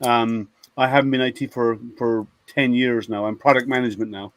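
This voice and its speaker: A man's voice: medium pitch, fairly even intonation, normal speed, no echo. A man in casual group conversation, telling rambling workplace stories with many restarts. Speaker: IT product manager at a software company. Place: online video hangout.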